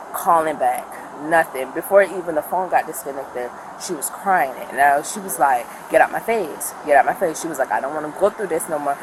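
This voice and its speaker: A woman, a friend of the victim, gives an animated retelling to police outdoors and acts out what people said. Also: deep voice. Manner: animated retelling, acting out quotes. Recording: body cam audio with street noise.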